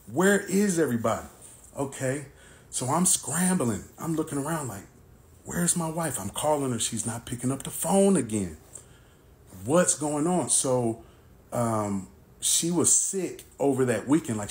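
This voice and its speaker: A man narrates a personal storytime with animated energy and acted-out dialogue. His pitch sits in the middle range, and his delivery is conversational.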